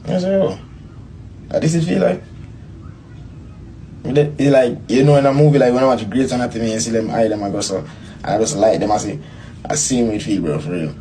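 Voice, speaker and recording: A man's voice: fairly low pitch, fast, mellow, slight background noise, low-quality recording. A young man telling a personal story in a rambling way, repeating bro and dog. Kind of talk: interview clip, personal story.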